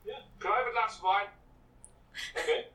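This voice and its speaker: A man's voice: high voice, steady tone, fairly quick, pushed and bright, roomy sound. A sheepish comedy-show guy, distant.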